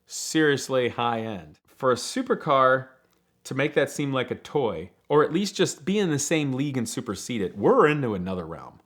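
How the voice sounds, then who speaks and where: A man casually telling a long personal story, animated, acting out other people's lines and laughing often. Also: mid-range voice, normal speed. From Ohio, United States. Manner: animated, acts out quoted voices, laughs often. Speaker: storyteller, program leader.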